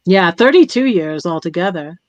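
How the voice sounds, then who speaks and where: A woman's voice: fairly low pitch, animated, moderate pace, dry recording, muffled recording. A middle-aged woman from California hosting a live stream, chatting casually, laughing often and trailing off with ums. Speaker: poetry stream host.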